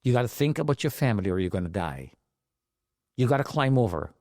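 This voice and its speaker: Middle-aged male survivor, average pitch, dry close mic, intense emotional testimony. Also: very animated, fast talker, a little mellow, dry recording. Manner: emotional, dramatic retelling with raised pleading outbursts. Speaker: survivor telling his story. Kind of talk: personal testimony.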